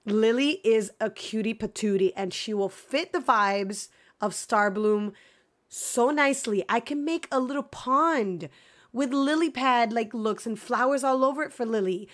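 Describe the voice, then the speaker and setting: A woman streaming a video game, chatting casually with viewers and swinging between excited gasps and mock dread. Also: on the high side, measured pace. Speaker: gaming streamer. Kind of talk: casual live gameplay chat.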